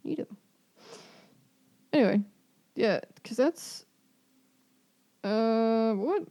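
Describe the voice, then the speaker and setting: A woman's voice: a little high, expressive, very slow, dark tone. A woman co-hosting a podcast, chatting casually about music in an offhand, swearing, laughing way. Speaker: podcast co-host.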